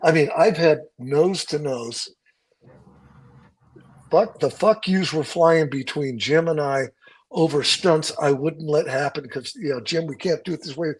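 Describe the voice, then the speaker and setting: A man's voice: a little high, slightly rough, rough recording. A man, a stunt coordinator, telling behind-the-scenes stories in casual chat, swearing freely. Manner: animated storyteller, acts out quotes, swears freely.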